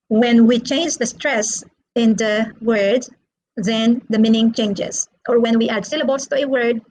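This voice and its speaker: A woman with a fairly high voice teaches an online English lesson, putting questions to the class in a slow, drawn-out teaching manner. The audio quality is poor.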